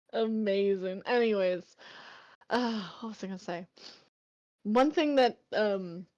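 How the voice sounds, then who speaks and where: A woman's voice: medium pitch, slow pace, a little mellow, muffled recording. A woman reading on a stream, chatting casually and laughing often in a playful way. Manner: giggly, playful. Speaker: stream reader. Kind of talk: casual chat.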